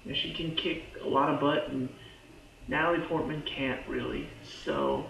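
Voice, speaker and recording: A man's voice: a little high, steady tone, a little slow, gravelly. A man giving a casual, rambling recap of TV episodes as a reviewer, with lots of "like" and restarts. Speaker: TV show reviewer. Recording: echoey room, dull lo-fi sound.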